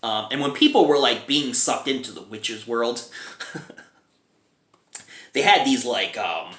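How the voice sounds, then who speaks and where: A man's voice: mid-range voice, animated, slow pace, a bit bright. Chuckling man reviewing a film, echoey room. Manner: chatty, chuckles often between remarks.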